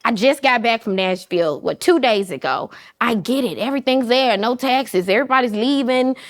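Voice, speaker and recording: Animated Southern woman with a Memphis accent. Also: on the high side, normal speed. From Memphis, Tennessee. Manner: animated, emphatic, laughs often. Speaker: guest. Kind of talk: casual interview chat.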